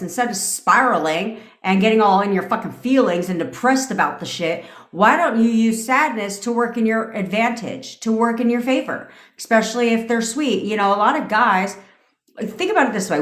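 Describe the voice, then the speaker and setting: Profane, blunt woman coach in an echoey room. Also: on the high side. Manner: blunt, profane, laughing often. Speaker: manifestation coach. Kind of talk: casual livestream talk to viewers. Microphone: phone or webcam.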